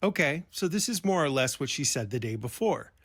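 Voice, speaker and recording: A man's voice: on the high side, big pitch swings, fairly quick, a bit bright. A man narrating a true-crime commentary over interview clips, in a pointed, incredulous, rhetorical manner.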